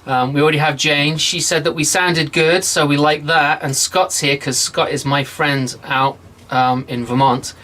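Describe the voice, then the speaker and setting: A man's voice: on the high side, fairly even intonation. A man hosting a casual online chat show, greeting viewers by name in an upbeat, chatty way. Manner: chatty, upbeat, quick shout-outs to viewers. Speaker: host. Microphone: video call.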